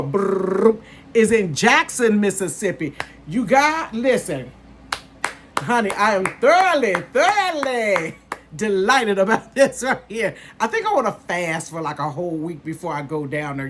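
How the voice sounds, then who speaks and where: Chatty woman in her fifties, lowish voice. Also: a little hiss or hum. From northern United States. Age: 50s. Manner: chatty, says "honey" and "you guys" a lot, bursts into excitement. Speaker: vlogger. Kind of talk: casual chat to viewers.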